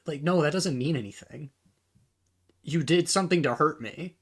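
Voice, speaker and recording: A man with a voice pitched a bit above most men's rants through a casual reaction commentary. He sounds exasperated and swears freely. He keeps repeating and restarting words as he talks to himself about what he reads. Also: normal speed, breathy edge. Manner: talks to himself while reading posts aloud. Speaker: reaction video host.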